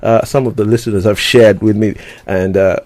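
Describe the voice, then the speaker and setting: A man's voice: on the low side, steady tone, fairly quick, a little mellow, no echo. A man hosting a casual interview, talking loosely with lots of stammered restarts and frequent laughter. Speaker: radio show host.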